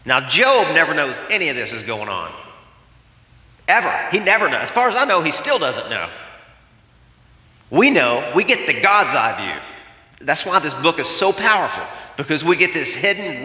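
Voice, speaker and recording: A man preaching a sermon, telling the story with emphatic, animated delivery and acted-out quotes. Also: mid-range voice. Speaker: pastor. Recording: echoey hall with long reverb.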